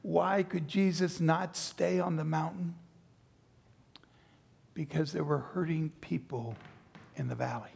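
A pastor preaches in an unhurried, deliberate manner, his voice gravelly, a little husky, a little high, and a little mellow. He reads scripture aloud, then retells the story with playful asides, acting out its characters.

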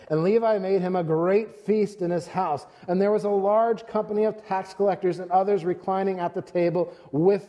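A man's voice: sits high, mellow, lo-fi sound. Man preaching in a reverberant hall. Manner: storytelling with acted-out quotes, conversational. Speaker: pastor. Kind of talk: sermon.

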